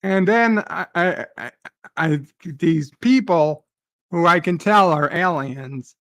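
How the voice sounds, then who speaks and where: Male streamer, agitated profane rant with stammering restarts; slightly high voice, dry close mic. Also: takes it slowly, a bit bright, no echo. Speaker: live stream host. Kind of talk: ranting dream retelling.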